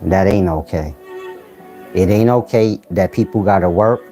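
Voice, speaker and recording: Low, mellow-voiced man lecturing bluntly. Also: unhurried, faint music behind. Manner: blunt streetwise slang, rhetorical questions to viewers. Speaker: channel host giving life advice. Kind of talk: casual philosophical monologue.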